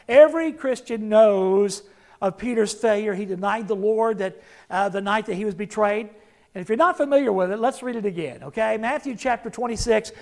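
A man's voice: high-pitched, creaky. A male pastor preaching a sermon, emphatic, acting out the words of the figures he quotes and putting questions to the congregation.

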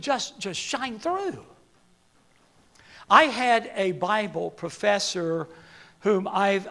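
An older man preaching a sermon, halting and repeating words, then building to emphatic peaks. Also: high voice, creaky, a bit bright.

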